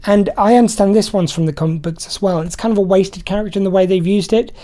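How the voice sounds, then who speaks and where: A woman's voice: mid-range voice, fast talker, dark tone. A woman hosting a radio show, chatting casually and enthusiastically about films. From Britain. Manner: chatty, enthusiastic, laughs easily. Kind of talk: casual film review chat.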